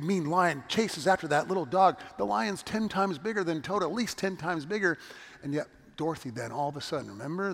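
A man's voice: a little high, in a large hall. A man preaching a sermon in an earnest, storytelling manner, often restarting his words. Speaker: pastor.

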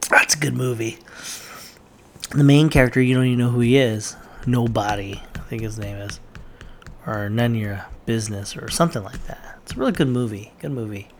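A man's voice: mid-range voice, fairly quick, slight background noise. A man giving blunt, offhand opinions in casual commentary, with plenty of fillers. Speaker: vlogger reacting to movie lists.

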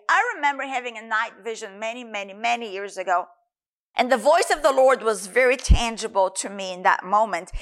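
Woman preacher, high voice, earnest and emphatic sermon delivery. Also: fairly bright tone.

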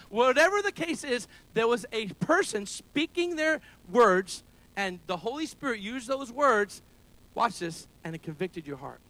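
A man preaching a sermon as pastor, calling out to the congregation for amens and rising to shouts. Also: sits high. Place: church service held in a school building.

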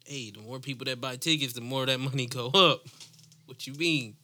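Man co-host, mid pitch, very bright tone, laid-back defensive chat. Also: moderate pace. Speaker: podcast co-host. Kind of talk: casual chat.

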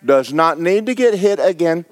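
Lively, animated male preacher. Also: moderate pace. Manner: animated preaching, swings from low asides to loud exclamations; quotes scripture, asks the congregation questions. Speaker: pastor. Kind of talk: sermon.

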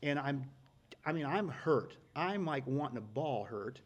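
A middle-aged man telling stories in a casual, folksy way, getting loud and excited at the punchlines. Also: medium pitch, a little slow. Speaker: guest storyteller. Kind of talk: casual storytelling.

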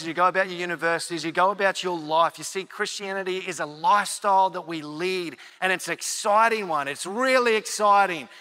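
Male pastor, sermon, high bright voice, earnest conversational storytelling, reverberant hall. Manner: storytelling with quoted inner dialogue, earnest and conversational.

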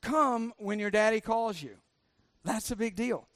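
Preaching a sermon, this middle-aged male pastor speaks a little slowly in a fairly high voice with a fairly bright tone. He mixes jokes and sarcasm while repeatedly putting questions to the congregation. The sound is close and dry, from a dry recording.

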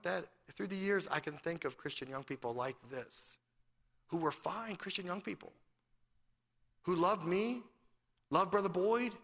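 Gravelly preacher man in reverberant church. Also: fairly high pitch, a bit bright. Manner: preaching with rhetorical questions and a family story. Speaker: pastor. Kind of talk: sermon.

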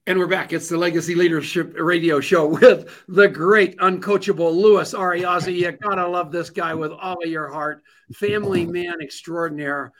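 A man's voice: fairly high pitch, a bit bright. A man hosting a radio talk show, gushing and joking with his guest.

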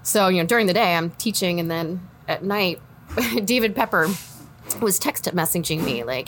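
A woman in her forties with a Midwestern American accent, speaking in a slightly low voice. She tells her story in a relaxed interview, with lots of laughter and acted-out lines for the people she quotes. A faint hum sits under her voice. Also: moderate pace. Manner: animated, laughs often, acts out quoted friends. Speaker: political candidate guest.

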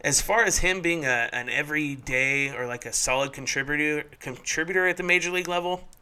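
Bright-voiced chatty male podcast host. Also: on the high side, a little fast, clear, resonant tone. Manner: chatty, laughing, self-deprecating. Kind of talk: casual sports podcast chat.

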